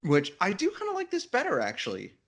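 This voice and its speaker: Male co-host, upbeat and jokey, voice that moves around a lot, quick to laugh. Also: high voice. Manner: laughs often, lively and jokey. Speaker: podcast co-host. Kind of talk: casual chat.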